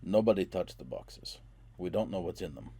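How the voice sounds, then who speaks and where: A man's voice: low-pitched, expressive, moderate pace, dark tone, husky, dry recording, full character voice. A man voicing a cautious, commanding dwarf leader in an audiobook. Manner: commanding, clipped.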